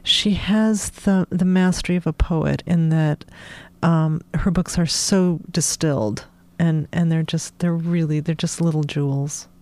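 A woman author who talks haltingly with many fillers, then reads from her novel in a measured way. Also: sits low, steady tone, a little mellow, dry recording. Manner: hesitant with many fillers in talk, measured when reading. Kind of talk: conversation and book reading.

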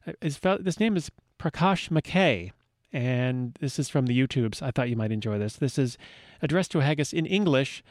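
A man's voice: medium pitch, lively intonation, moderate pace, no echo, studio quality. A man hosting a radio show, with a playful, wry delivery. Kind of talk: scripted radio talk.

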